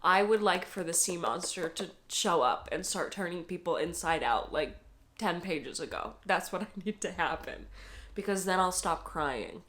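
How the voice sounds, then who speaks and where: A young woman talks through a casual reading vlog in a slightly low voice. She is teary and close to crying, but still chatty, laughing and swearing as she goes. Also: lively intonation, moderate pace, fairly bright tone. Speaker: book vlogger.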